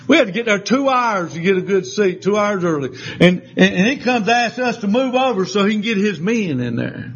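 Man preaching, high voice, folksy storyteller, slightly muffled recording with faint hiss. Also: husky. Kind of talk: sermon with storytelling.

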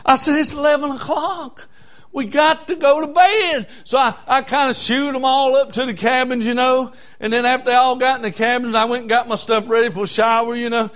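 High-voiced preacher telling a story. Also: male voice, little pitch movement, fast talker, few pauses, clean tone. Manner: folksy storytelling preacher, building from quiet to shouting. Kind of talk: sermon.

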